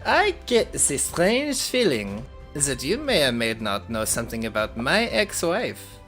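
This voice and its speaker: A man's voice: on the high side, very animated, normal speed, pushed and bright, soft background music, exaggerated voice. A man voicing a boisterous swashbuckling male rogue, grandiose and playful in a tabletop game. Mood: sly.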